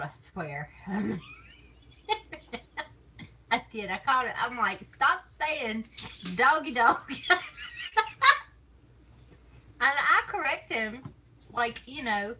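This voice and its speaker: A woman's voice: mid-range voice, pushed and bright, a little hiss or hum, rough recording. A woman with a Southern US accent chatting casually on a live stream, laughing often and teasing. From American South.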